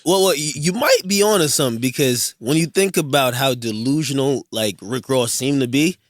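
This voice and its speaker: A young man from Jamaica, a guest on a podcast, cutting in quickly to argue his point into a studio microphone. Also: mid-range voice, dry recording. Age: young adult. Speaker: guest, online media personality. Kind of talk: casual podcast banter.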